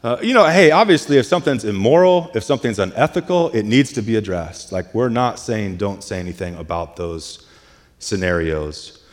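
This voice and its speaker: A man's voice: lowish voice, lively intonation, normal speed. A man preaching a sermon as pastor, retelling scripture in a loose, conversational way full of "like" and "hey". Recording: long reverb of a large hall.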